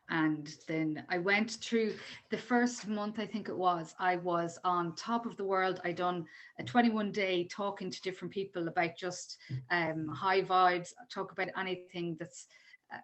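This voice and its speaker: A woman chatting casually in a group, rambling and informal as she shares her experience. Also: on the low side.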